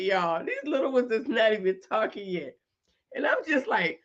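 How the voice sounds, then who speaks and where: A middle-aged woman hosting a casual live chat with her viewers, talking in an animated way, repeating points for emphasis and laughing often. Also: on the high side, normal speed, muffled recording. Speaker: host.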